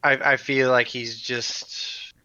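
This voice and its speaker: A man's voice: mid-range voice, flat delivery, takes it slowly, pushed and bright, clean tone, dry recording, dull audio. A man chatting casually as a tabletop game player, a bit hesitant, narrating what his character does.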